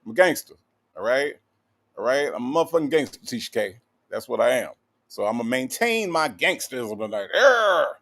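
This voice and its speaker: A man hosts a relaxed livestream, greeting viewers and reading their comments aloud in an animated, playful, teasing way. He uses lots of fillers, keeps tagging on a quick "okay?", and his voice is at an ordinary male pitch.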